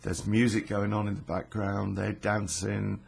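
A middle-aged man tells a true story in a slow, unhurried way, his voice gravelly and very husky. He rambles along with plenty of fillers, restarts and casual swearing. His voice sits fairly low. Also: level tone, a little mellow.

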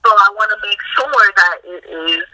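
A woman's voice: mid-range voice, moderate pace, background noise. A woman with a New York accent, a podcast guest in casual chat, talking bluntly and straight to the point.

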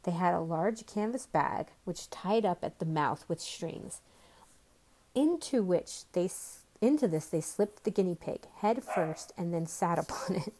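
A woman's voice: lowish voice, animated, measured pace, mellow. A woman reading the part of a nervous, fidgeting male hatter on trial, speaking with a stammer and a trembling voice.

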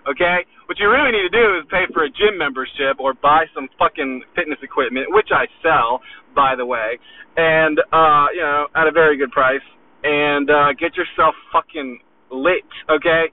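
A man's voice: fairly high pitch, normal speed, slight background noise. A man selling fitness equipment delivers an aggressive, profane motivational rant, swearing constantly and sounding agitated. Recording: tinny phone-like audio.

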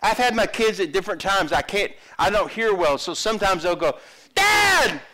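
A man's voice: sits high, fairly quick, a bit bright. A middle-aged man preaching a sermon as a pastor, acting out the voices of people in the Bible story.

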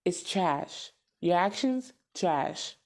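Gravelly-voiced woman venting bluntly. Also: fairly low pitch, lively intonation, extremely slow. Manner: blunt, profane, emphatic repetition. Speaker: podcast host. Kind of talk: casual venting monologue.

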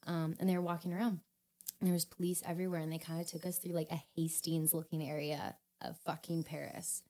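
A young woman, a podcast guest telling a story in a casual, animated way, laughing and swearing often. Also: sits low, brisk.

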